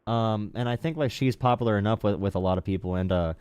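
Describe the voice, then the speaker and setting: Fast-talking young man hosting a call-in. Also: lowish voice, darkish tone, clear, resonant tone, no room sound. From Appalachian coal region, USA. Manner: rapid, lots of fillers and restarts. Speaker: political talk show host. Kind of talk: live call-in political talk.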